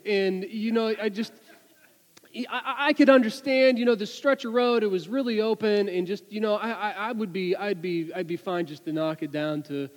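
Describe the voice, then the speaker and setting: A man giving a sermon, telling an anecdote with lively delivery and many restarts and repeated words. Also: high voice, normal speed, in a large hall, rough recording. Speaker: preacher. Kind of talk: sermon with storytelling.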